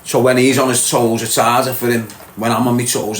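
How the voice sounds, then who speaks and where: A man's voice: medium pitch, level tone, a little fast. Scouse male streamer, blunt and streetwise, in an echoey room with faint background noise. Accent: Liverpool (Scouse). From Liverpool, England. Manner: blunt, streetwise, addresses chat as mate and lad. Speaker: livestream host answering viewer comments. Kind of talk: casual livestream chat.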